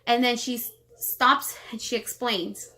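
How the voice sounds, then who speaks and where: Woman vlogger, personal story, holding back tears, fillers and restarts, somewhat high voice. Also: fairly even intonation, pushed and bright. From Los Angeles, United States. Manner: rapid rambling with many fillers and restarts.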